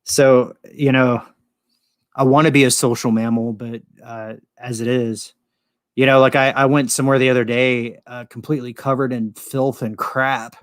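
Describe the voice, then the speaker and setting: A man's voice: mid-range voice, little pitch movement, normal speed, no echo, clean studio sound. A man in casual chat, rambling, profane and self-deprecating as he tells stories. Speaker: vlogger.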